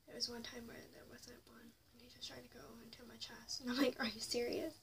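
Young woman with a high gravelly voice, half whispering her story, mic a bit far off with faint hiss. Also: level tone, fast. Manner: confessional, swings between hushed whispers and raised anger. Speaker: vlogger. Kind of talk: personal storytime vlog. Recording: slightly distant mic with faint noise.

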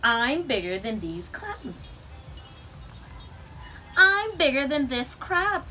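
A woman's voice: sits high, sing-song, takes it slowly, pushed and bright, faint music behind, heavily acted. A woman voicing a proud, boastful giant squid in a picture-book reading.

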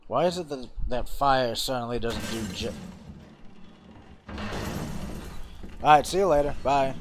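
A young man giving let's play commentary over a horror game, excitable, swearing often and bursting into laughter. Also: medium pitch, a little slow, pauses often, slight background noise.

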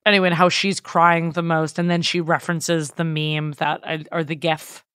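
A woman co-hosting a podcast in casual gossip chat, wry and quick to laugh as she chimes in. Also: low voice, flat delivery, fairly bright tone, clear, resonant tone, no echo. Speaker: podcast co-host.

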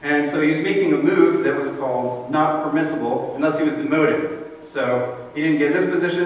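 Speaking a little fast in a fairly high male voice, this pastor gives a conversational, explanatory sermon and performs quoted voices. The echoey church sanctuary comes through a distant mic, with faint noise.

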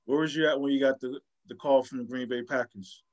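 A man hosting a casual interview, asking quick questions and affirming often. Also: mid-range voice, steady tone, lo-fi sound. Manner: quick rapid-fire questions, frequent affirmations. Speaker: podcast host.

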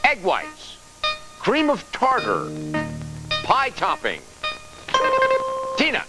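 A man's voice: extremely high pitch, wildly swooping pitch, extremely slow, poor audio. A man hosting a TV game show with upbeat quizmaster patter, recorded in a studio with an audience. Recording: loud TV studio broadcast with music and crowd. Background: music and studio crowd.

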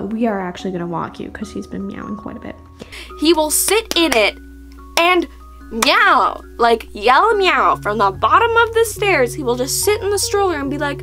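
Bubbly high-voiced young woman vlogging. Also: very animated, moderate pace, pushed and bright, soft background music. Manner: bubbly, laughs often, casual swearing. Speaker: pet vlogger. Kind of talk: casual chat to camera.

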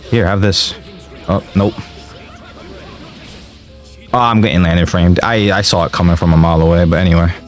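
A young man commenting on his own gameplay, excitable and slangy, often yelling and trash-talking the game as he plays. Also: deep voice, moderate pace, pauses often, soft background music. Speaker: gaming streamer.

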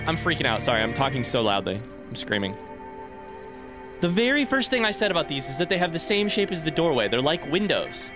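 A young man giving casual let's play commentary on a blind playthrough, swearing freely and gasping or shrieking when startled. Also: medium pitch. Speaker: gaming YouTuber.

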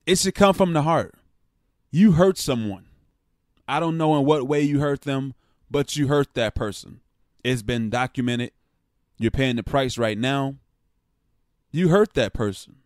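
A man's voice: medium pitch, unhurried, pauses often, no room sound, clean studio sound. A man giving his blunt opinion on a sports story in a casual vlog, often swearing and pushing hard on his points. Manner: blunt and frank, with profanity; passionate, rising emphasis. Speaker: sports vlogger.

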